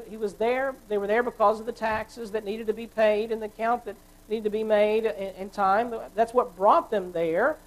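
A woman preacher giving a sermon, explaining at a measured pace and correcting herself as she goes. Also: a little high, poor audio.

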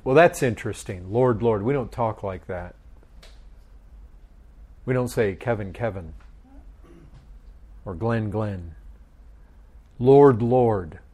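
A man's voice: on the low side, a little mellow, slightly rough. A middle-aged man leading a group Bible study, asking questions and often repeating his words. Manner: slow, questioning, repeats phrases.

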